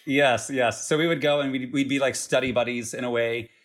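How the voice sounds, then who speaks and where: A young man from the United States, a guest recounting his years abroad in a relaxed, rambling way with fillers. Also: mid-range voice, fairly quick. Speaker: interview guest. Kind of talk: casual conversational interview.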